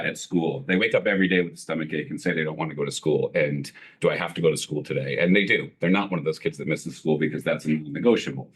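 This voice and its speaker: A deep-voiced man speaking up as a parent at a school board meeting. He talks earnestly, stopping and restarting often with many fillers. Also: fairly bright tone. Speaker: parent giving public comment. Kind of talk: emotional public comment at a meeting.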